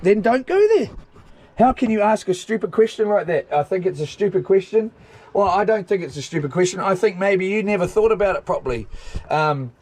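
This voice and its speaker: A New Zealand man rants on a livestream from outdoors. His voice sits fairly high. He is blunt and rambling, with lots of restarts and asides to "mate". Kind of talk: casual livestream rant.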